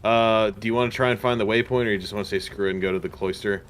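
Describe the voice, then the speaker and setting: A man talking in a relaxed, easygoing way while playing a co-op game with a friend. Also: on the low side, racing. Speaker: co-op game partner. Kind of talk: casual gameplay chat.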